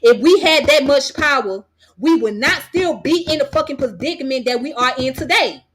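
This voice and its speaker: A woman's voice: high-pitched, expressive, moderate pace, fairly bright tone. An American woman vlogger delivering a heated commentary rant, blunt and profane, hammering her points with repetition. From United States.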